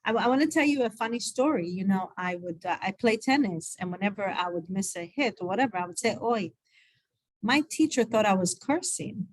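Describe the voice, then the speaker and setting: A woman's voice: medium pitch, lively intonation, fairly quick, few pauses, dry recording. A woman from Israel teaching an online Hebrew class over a video call, patiently repeating letter sounds with chatty asides.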